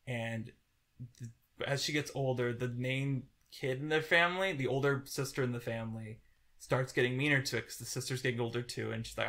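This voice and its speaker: A young man in his twenties co-hosting a podcast, rambling in a halting way with many restarts and getting teary as he talks. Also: medium pitch, fairly even intonation, fairly bright tone. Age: 20s. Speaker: podcast co-host. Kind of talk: casual podcast chat.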